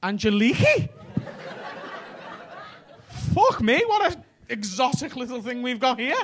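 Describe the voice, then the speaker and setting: A man's voice: very high-pitched, big pitch swings, moderate pace, long pauses, fairly bright tone, a little hiss or hum. A man with a Liverpool accent doing stand-up crowd work on a comedy club stage, cheeky and sweary as he banters with the audience.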